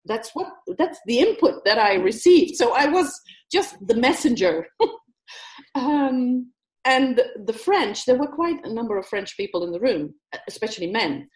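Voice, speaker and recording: A woman with a fairly high voice tells a story in a relaxed interview chat. She laughs often and slips into mimicking accents. Her voice rings in a roomy, echoey space. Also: unhurried. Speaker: guest speaker.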